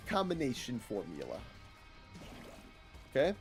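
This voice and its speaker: A man's voice: medium pitch, sing-song, unhurried, pauses often, a little mellow, faint music behind. A man streaming a game, rambling and joking casually as he talks to his chat. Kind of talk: casual gameplay commentary.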